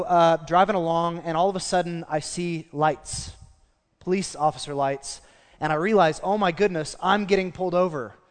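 A man preaching a sermon from the front of a church, telling stories with lively, self-mocking humor. His voice sits a little high for a man. It rings out with the long reverb of a large hall. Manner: storytelling, animated, self-deprecating humor. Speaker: pastor. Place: church sanctuary.

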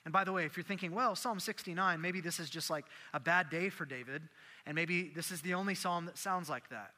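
A man preaching a sermon, animated and acting out the prayers and voices he quotes. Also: high voice, fairly quick, long reverb tail. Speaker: pastor.

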